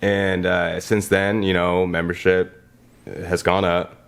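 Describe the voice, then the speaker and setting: A man's voice: deep voice, little pitch movement, slow. A man, a gym co-owner and podcast guest, answering questions in an easygoing, casual way.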